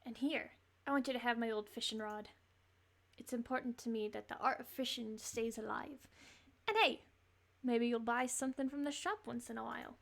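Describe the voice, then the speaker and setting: A woman's voice: on the high side, fairly even intonation, drawn-out words, vocal fry, pushed and bright, exaggerated voice. A woman voicing a hearty old male sailor and fisherman in an improvised salty sea-dog accent, reading game dialogue aloud on stream.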